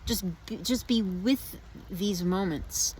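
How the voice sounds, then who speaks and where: A woman's voice: medium pitch, takes it slowly, darkish tone, a little hiss or hum. A woman vlogging outdoors in the rain, musing in a meandering, reflective way with many restarts. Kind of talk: casual spiritual reflection.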